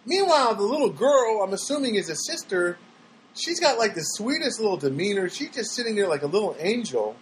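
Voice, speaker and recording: High-voiced man ranting sarcastically about daily life, faint noise behind; casual monologue read. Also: very animated, fairly quick, rough recording. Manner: rambling with restarts. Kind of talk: storytelling monologue.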